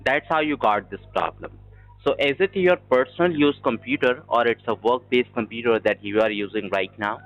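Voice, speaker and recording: A man's voice: mid-range voice, normal speed. Guy on a muffled phone line doing a support script, stiff and formal, faint music behind. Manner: formal, repetitive, non-native phrasing. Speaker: scam call agent.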